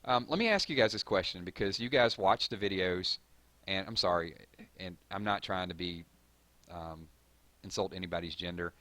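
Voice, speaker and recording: With a deep, bright and forceful voice at normal speed, a man hosts a live stream with no room sound. He rambles conversationally through viewer comments, leaning on fillers and frequently restarting or correcting himself.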